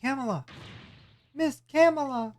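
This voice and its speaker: A man voicing a small, excitable male dog sidekick in a game, with an eager, yelping delivery. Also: very high voice, measured pace, pitched above the performer's own voice. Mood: frantic.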